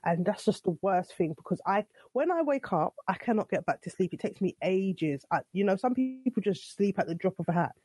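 Young woman venting about her nights, mellow voice, dry close sound. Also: mid-range voice, expressive, brisk, hardly any pauses, breathy edge, no echo. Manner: exasperated, retelling with quoted dialogue. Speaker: host's wife telling her side. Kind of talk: casual storytelling.

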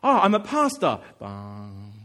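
A male pastor preaching a sermon, telling a personal story in an animated, earnest way and acting out his own thoughts. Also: on the low side, slow. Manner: earnest and emphatic.

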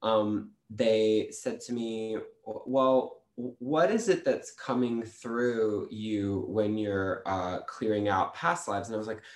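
A man who is a guest on a podcast, telling spiritual stories in a halting way with many restarts. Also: on the low side, roomy sound. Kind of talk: casual spiritual storytelling.

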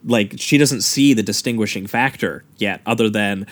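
A man's voice: lowish voice, moderate pace. A man hosting a casual film podcast, retelling scenes in detailed, analytical fashion.

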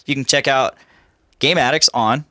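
A man hosting a podcast in casual chat, animated and often restarting his sentences. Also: medium pitch, normal speed, crowd noise. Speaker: podcast host.

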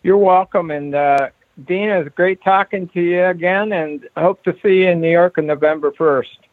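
A man's voice: high-pitched, normal speed, no echo. A man on the phone saying goodbye to the other guests. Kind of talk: casual phone chat. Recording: tinny phone line.

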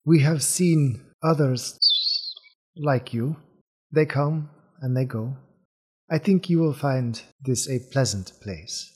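A proud winged bird-man guard with a hard beak, as a man puts him on. He speaks in short, formal, halting phrases. This is tabletop role-play. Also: mid-range voice, warm tone, slightly rough. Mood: formal welcoming.

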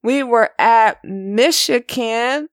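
A woman's voice: on the high side, extremely slow, no echo, studio quality. A woman hosting a podcast, chatting casually about her weekend and then recapping race results. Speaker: podcast host.

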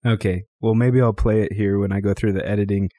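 A man hosting a casual podcast, talking in a relaxed, chatty way with his family and retelling a story. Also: fairly low pitch, fast, no room sound, studio quality. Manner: relaxed, chatty, retells stories with quoted voices. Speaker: podcast host.

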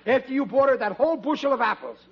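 A man's voice: very high voice, lively intonation, fast talker, gravelly, breathy edge, heavily acted. An actor playing a blustering, bumbling working-class father in a 1940s radio comedy, stammering when flustered, on a lo-fi old broadcast.

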